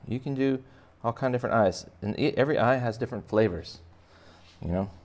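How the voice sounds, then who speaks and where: In a casual drawing tutorial for kids, this art teacher talks as he sketches and cracks jokes on the side. He speaks at a medium pitch and a brisk clip.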